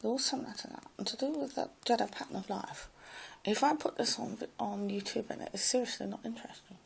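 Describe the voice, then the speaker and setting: A woman talking to camera in a rambling personal monologue, repeating herself and trailing off into soft mumbles. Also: fairly high pitch, fast talker, vocal fry, slight background noise, poor audio. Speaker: vlogger.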